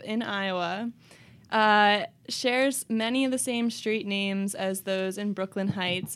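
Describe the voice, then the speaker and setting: A woman reporter, a guest in a radio studio, explaining her story plainly, step by step. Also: medium pitch. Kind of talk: radio interview.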